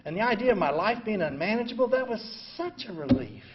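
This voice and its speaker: An older man in his seventies talks through his recovery story in a blunt, self-mocking way, leaning on "you know" constantly. His voice sits high and moves over a wide, lively range, from quiet reflection to loud outbursts. The recording is dull and lo-fi. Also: fast talker, background noise. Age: 70s. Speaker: recovery meeting speaker. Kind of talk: personal recovery talk.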